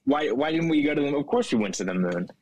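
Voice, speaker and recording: A man's voice: a little high, expressive, quick pace, a little mellow, no echo. A male caller on a call-in show, arguing earnestly and brushing off the other side's points. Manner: earnest, dismissive. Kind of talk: call-in argument.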